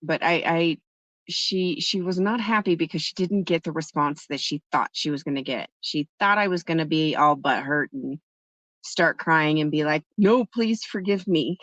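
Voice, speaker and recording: A woman's voice: deep voice, normal speed, fairly bright tone, dry recording. Chatty woman streamer, dull lo-fi sound. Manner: chatty storytelling, answering chat. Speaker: livestream host. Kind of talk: casual chat with live viewers.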